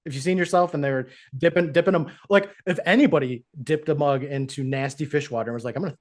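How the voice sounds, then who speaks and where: A man co-hosting a podcast, chatting casually through an episode recap. He keeps slipping into the characters' lines as he tells it. His voice sits a little higher than most men's. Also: quick pace. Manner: animated, acts out characters' lines while retelling. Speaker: podcast co-host.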